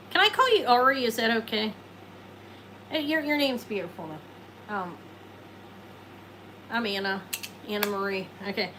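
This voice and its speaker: A talkative woman host on a live sale, with a bright, forceful edge and a voice that sits a little high. She rambles from item to item, answers viewers as she goes and laughs at herself. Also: a little hiss or hum, poor audio. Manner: self-deprecating, jokes and laughs. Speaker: host selling jewelry live. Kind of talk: casual live sales chat.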